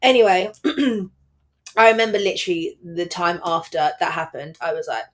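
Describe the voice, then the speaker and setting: A young woman, co-hosting a casual podcast, telling a story fast and acting out what people said. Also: on the low side, lively intonation. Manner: fast storytelling, acts out quotes, swears freely. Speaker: podcast co-host. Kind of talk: casual chat.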